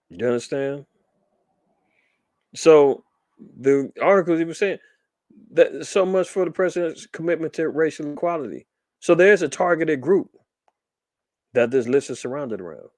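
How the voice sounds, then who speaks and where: Animated man reading and riffing on news. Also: mid-range voice, no room sound. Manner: animated, rhetorical questions, reads then riffs. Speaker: podcast host reading and commenting on news. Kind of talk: casual commentary reading articles aloud.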